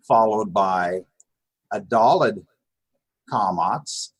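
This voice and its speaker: A man's voice: on the low side, unhurried, husky, dry recording. A man teaching a beginners' Hebrew lesson, patiently repeating words and sounding them out, with many fillers and restarts. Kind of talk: live online lesson. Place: Chabad house.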